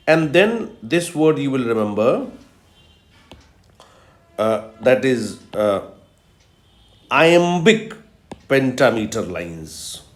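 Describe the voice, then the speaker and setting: A literature professor with a lively, slightly high male voice speaks slowly in a recorded video lecture. He explains step by step, repeats key terms, and says "uh" often, with a roomy echo around him.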